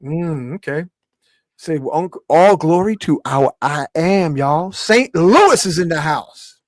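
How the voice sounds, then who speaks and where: A man hosts a video-call livestream, slangy and loose, shouting out names from the chat. His voice sits a little high for a man. The sound is close and dry. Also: animated, takes it slowly, no room sound. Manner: loose slangy banter, shout-outs to viewers. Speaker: livestream host.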